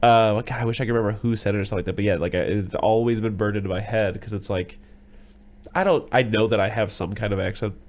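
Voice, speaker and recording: A man co-hosting a casual podcast, telling rambling stories in quick bursts. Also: fairly low pitch, steady tone, darkish tone. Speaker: podcast co-host.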